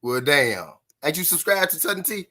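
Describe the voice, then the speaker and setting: Man, live-stream host, taunting banter, repetitive jabs, fairly high-pitched. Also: sing-song, normal speed, bright, forceful tone, a little hiss or hum. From Memphis, Tennessee, US. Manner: taunting, mocking, laughs often, repeats lines.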